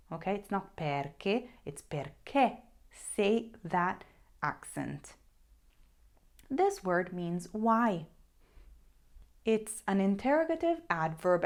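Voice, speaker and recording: Woman language teacher, low-pitched but expressive, slow and emphatic, repeats for stress. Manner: slow, careful modeling of pronunciation. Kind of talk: language lesson to camera.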